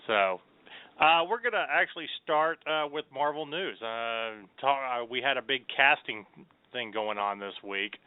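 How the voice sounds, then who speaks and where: A man's voice: mid-range voice, measured pace, clean tone, no room sound. A man hosting a casual nerd talk show, upbeat and chatty, with rambling fillers. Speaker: podcast host. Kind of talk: casual radio show chat. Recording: tinny phone-like sound.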